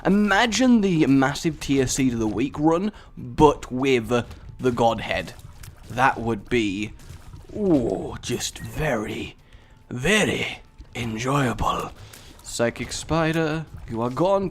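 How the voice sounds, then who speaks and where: A young British man giving jokey, excitable commentary over a video game from a home setup, with sudden loud outbursts. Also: on the high side, slow. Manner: excitable, jokey, sings and puts on voices. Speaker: gaming commentator. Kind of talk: let's play commentary.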